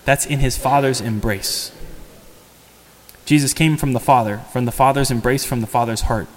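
A man's voice: mid-range voice, fairly even intonation, normal speed, slight background noise. A man giving a homily as a priest, in a conversational sermon style that poses rhetorical questions to the congregation. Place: church. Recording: long church reverb.

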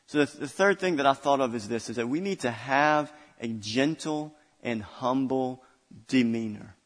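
A man's voice: medium pitch, normal speed, long reverb tail. A male pastor preaching a sermon, building intensity through repeated phrases. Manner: preaching with rising intensity and repetition.

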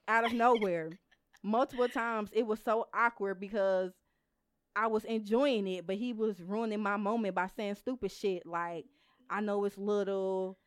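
A woman's voice: mid-range voice, fairly even intonation, moderate pace, clean tone, dry recording. Blunt profane woman co-host, dry sound. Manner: blunt, profane, laughs often. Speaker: podcast co-host. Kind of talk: casual chat, reading a listener email aloud.

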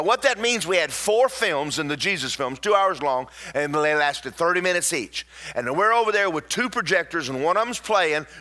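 A man preaches to a church congregation, his voice bright and forward. He pitches a little high for a man and talks in an animated rhythm. He jumps into loud bursts, then drags words out slowly to hammer a point home. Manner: animated, with sudden loud bursts and slowed emphasis. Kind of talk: sermon with personal storytelling.

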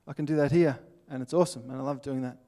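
A man's voice: mid-range voice, fairly even intonation, fast talker, warm tone. An Australian man giving an earnest, plainspoken sermon, with little acted-out scenes. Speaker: pastor.

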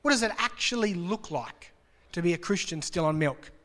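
A man's voice: sits high, expressive, normal speed, fairly bright tone. A man preaching a sermon to a congregation, chatty and joking, asking rhetorical questions. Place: church hall. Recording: long reverb of a large hall.

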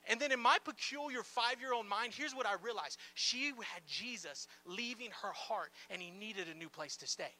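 A man delivers a sermon in a strikingly high voice with a sharp, bright edge. He talks to the congregation in a loose, conversational way, full of playful asides and "like" fillers, and stays animated throughout. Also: moderate pace, few pauses. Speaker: pastor. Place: church gathering in a large room.

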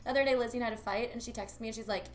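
Brief: talkative woman podcaster, slightly high voice, filler-heavy and casually crude. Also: steady tone, racing, echoey room, soft background music. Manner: chatty, swearing, lots of "like". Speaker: podcast co-host. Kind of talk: casual chat.

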